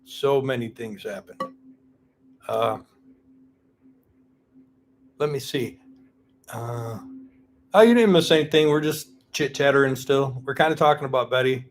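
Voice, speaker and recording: A man's voice: mid-range voice, moderate pace, pauses often. Rambling man hosting a live stream. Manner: rambling, greets viewers by name, teasing. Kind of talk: casual live-stream chat.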